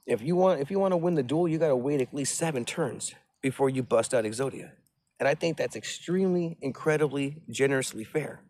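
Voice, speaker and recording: A man's voice: medium pitch, a little fast, a little mellow. Rambling, agitated man. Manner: rambling, agitated, profane, repeats himself. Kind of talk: rambling monologue.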